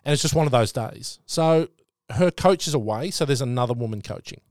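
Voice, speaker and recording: A man's voice: mid-range voice, fairly quick, no room sound, clean studio sound. A middle-aged Australian man co-hosting a podcast, telling a story in a casual chat and getting worked up as he goes. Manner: animated storytelling, voice jumps up when worked up. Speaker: podcast co-host.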